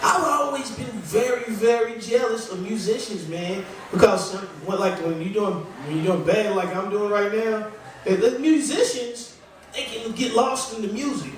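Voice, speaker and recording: A high-voiced man works through a stand-up set in a small club, rambling and chatty and quick to laugh at himself. He sounds a little distant from the mic, and the room's echo hangs heavily around every line. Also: slight background noise. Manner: rambling, conversational, self-deprecating. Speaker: stand-up comedian. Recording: echoey room, voice from far off.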